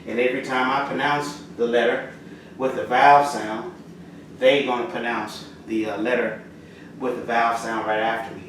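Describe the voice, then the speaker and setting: A man teaching the Arabic alphabet in a halting, casual way, with lots of fillers and slow, clear letter drills. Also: medium pitch, little pitch movement, a bit bright. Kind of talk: casual spoken lesson. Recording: roomy echo from far off, audible noise.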